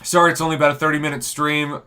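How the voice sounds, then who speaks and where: A hoarse man hosting a casual livestream, upbeat and thanking his viewers. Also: on the high side, little pitch movement, rapid-fire, bright, forceful tone. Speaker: livestream host.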